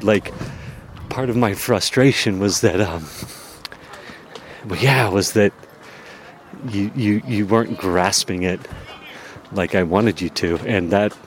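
A man's voice: fairly low pitch, a little slow, long pauses, slight background noise. A man hosting a podcast, talking casually and rambling about himself with many fillers and self-deprecating asides, outdoors in a town. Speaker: podcast host. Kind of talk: casual personal monologue.

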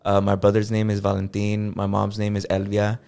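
A man's voice: on the low side, brisk, creaky. A man from the United States co-hosting a podcast, talking casually and loosely with lots of fillers. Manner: relaxed, loose, heavy use of fillers. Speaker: podcast co-host.

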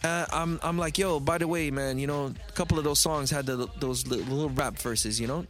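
A man telling a story in casual podcast chat, animated and profane, acting out the voices of the people in it. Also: fairly high pitch, brisk, soft background music. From Canada. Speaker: guest storyteller.

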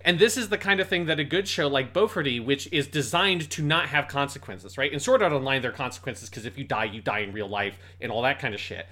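A man's voice: mid-range voice, quick pace, few pauses, bright, forceful tone. A man co-hosting a podcast, talking casually and animatedly about a show, swearing freely. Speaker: podcast co-host. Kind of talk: casual review discussion.

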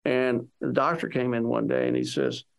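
Male guest, gravelly voice, earnest storyteller, mid pitch. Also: normal speed. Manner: earnest, animated retelling of conversations. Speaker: interview guest. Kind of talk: casual personal storytelling.

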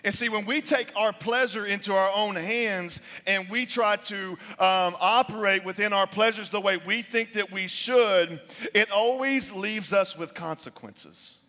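A young adult man preaching a sermon as pastor, animated, sometimes dropping his voice low for emphasis. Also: unhurried. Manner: animated preaching, drops to near-whispers for emphasis. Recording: long reverb of a large hall.

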